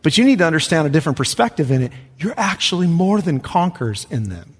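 A male pastor delivers a sermon in a fairly high voice. He preaches emphatically, pushing his voice up loud and then sinking to a near hush. The sound rings with the long reverb of a large church hall. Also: big pitch swings, fast talker, husky. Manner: emphatic, swinging from loud rises to hushed drops.

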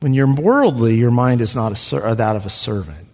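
Man, pastor, earnest sermon delivery at a middle pitch, heard in a church hall with a long tail of reverb. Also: lively intonation, moderate pace, darkish tone. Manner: earnest, preacherly, repeats questions for emphasis.

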